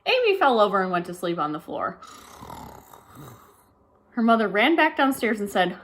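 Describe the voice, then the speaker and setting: A woman reading a children's picture book aloud, with lively delivery and chatty asides about the pictures. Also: mid-range voice, moderate pace, long pauses. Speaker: storybook reader.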